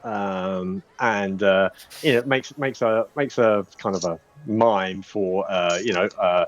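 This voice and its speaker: A man's voice: lowish voice, slow pace. A man narrating as game master in a casual, rambling way, with many fillers and restarts. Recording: dull lo-fi audio.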